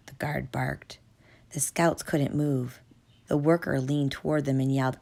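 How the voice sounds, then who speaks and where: A woman narrating a children's storybook in a measured, steady reading. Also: extremely low pitch, gravelly. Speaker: audiobook narrator.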